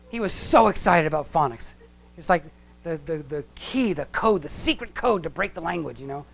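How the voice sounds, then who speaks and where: A man's voice: sits high, lively intonation, quick pace, gravelly. A middle-aged man giving a lecture-style sermon in a church hall, talking conversationally with restarts and asides. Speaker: church speaker.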